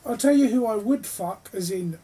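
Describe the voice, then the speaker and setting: A man's voice: high voice, lively intonation, moderate pace, mellow, husky. A man, co-hosting a podcast with crude, blunt jokes and frequent laughter. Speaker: podcast co-host. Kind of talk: casual banter.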